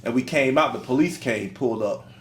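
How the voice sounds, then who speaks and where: Animated storytelling man, roomy sound. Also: mid-range voice, brisk. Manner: animated storyteller, slangy and emphatic. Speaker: podcast co-host. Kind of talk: casual conversation. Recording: roomy echo.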